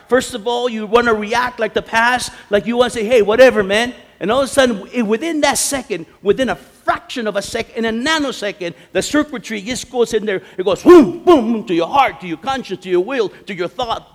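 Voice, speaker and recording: A middle-aged man preaching at a conference, telling stories animatedly and acting out the quotes. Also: high voice. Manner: animated storytelling, acts out quotes. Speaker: conference speaker. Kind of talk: sermon. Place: large conference hall. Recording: long hall reverb.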